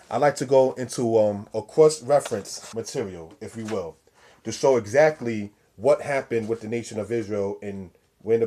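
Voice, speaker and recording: A man's voice: on the low side, dark tone. A man giving a scripture lesson, preaching style, repeating and stressing key words and calling his listeners brothers and sisters. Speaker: religious teacher.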